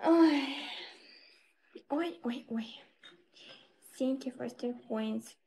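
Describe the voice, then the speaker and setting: A woman's voice: high-pitched, very slow, mellow. A young woman live streaming, chatting casually with viewers in simple broken English and laughing often.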